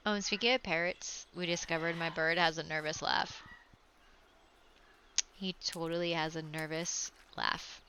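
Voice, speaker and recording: A woman streaming a game, reading its text aloud and chatting with a giggly, animated manner. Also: low voice, a little slow, slight background noise. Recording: dull lo-fi stream audio with music.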